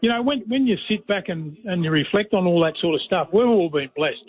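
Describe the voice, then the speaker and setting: A high-pitched Australian man yarns down a tinny phone line. He rambles in a folksy way and leans on "mate" in nearly every breath. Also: lively intonation, fairly quick. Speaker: radio guest, former player and commentator. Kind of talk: casual storytelling chat.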